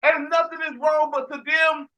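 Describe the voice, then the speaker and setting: A man hosting a casual sports podcast, telling an animated, ranting story with frequent restarts and shouted emphasis. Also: extremely high pitch, normal speed, a loud crowd. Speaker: podcast host.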